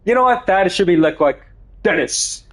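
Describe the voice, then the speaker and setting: A man streaming a video game live, reacting excitably, swearing and shouting. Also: high-pitched, moderate pace. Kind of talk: live gaming stream commentary.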